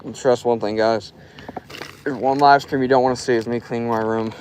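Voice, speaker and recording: A man's voice: medium pitch, fairly even intonation, brisk, background noise. A young man from Florida chatting loosely through a fishing live stream outdoors, filling his talk with "like". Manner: loose and rambling, full of "like". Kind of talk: casual live stream chat. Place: outdoors by a river.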